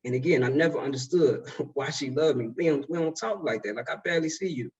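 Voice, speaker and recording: A man's voice: medium pitch, brisk, darkish tone, breathy edge, far from the mic, dull audio. A man in his twenties telling a story in a casual, slangy way as a speaker at a summit. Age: 20s. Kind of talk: motivational talk.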